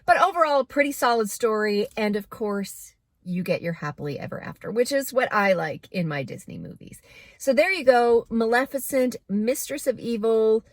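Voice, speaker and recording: A woman's voice: a little high, lively intonation, normal speed, no echo, clean studio sound. A woman giving a casual, candid movie review to camera, chatty with plenty of fillers.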